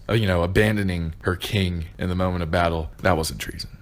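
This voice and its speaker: A man's voice: low-pitched, steady tone, brisk. A young man ranting a sarcastic, profanity-filled review with bursts of exasperation. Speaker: video reviewer.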